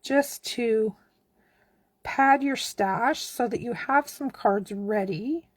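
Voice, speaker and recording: A woman from Canada giving a relaxed, chatty card-making tutorial, talking as she works. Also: on the high side, slow pace, no room sound. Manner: chatty, relaxed, talks while working. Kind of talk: casual craft tutorial.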